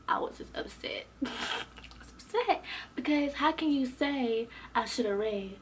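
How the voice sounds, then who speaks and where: A young adult woman vlogger telling a casual storytime, animated and slangy, acting out what others said. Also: sits high, moderate pace, slight background noise. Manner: animated, expressive, slangy, acts out quotes.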